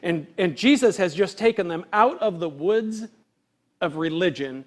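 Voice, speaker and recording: With a high-pitched voice, lively intonation, and a measured pace, a male pastor preaches earnestly and conversationally. He fills the sermon with rhetorical questions and acts out quoted voices with big shifts in volume.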